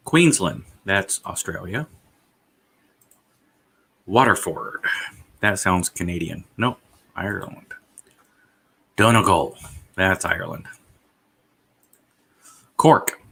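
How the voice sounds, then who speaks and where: A man live-streaming himself, rambling casually and thinking aloud, swearing now and then and filling pauses with "uh". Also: sits low, vocal fry, bright, forceful tone, slightly rough.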